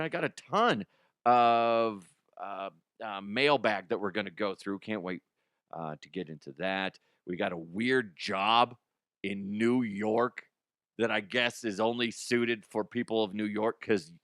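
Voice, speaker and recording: A man's voice: medium pitch, a bit bright, dry recording, clean studio sound. A man hosting a comedy podcast in casual, rambling chat, laughing often and swearing. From Colorado. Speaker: podcast host.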